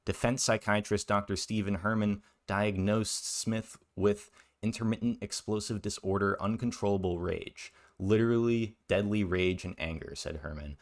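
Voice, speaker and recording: A man's voice: on the low side, fairly even intonation, moderate pace. A man giving blunt, scornful reaction commentary on a video, with sarcastic asides. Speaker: commentary youtuber.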